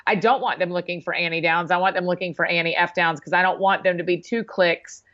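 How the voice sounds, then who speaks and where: A woman's voice: lowish voice, fairly even intonation, fast, a bit bright, lo-fi sound. A woman who is a guest on a podcast, chatting in a bubbly way and laughing easily as she answers questions. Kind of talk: casual interview chat.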